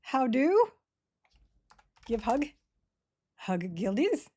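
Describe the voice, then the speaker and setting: Mellow Australian woman streaming a game. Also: fairly high pitch, sing-song, drawn-out words, breathy edge. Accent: Australian, partly Americanized. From Sydney, Australia. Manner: chatty and laid-back, laughs often, answers chat between game moves. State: dry throat. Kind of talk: casual live-stream commentary while playing.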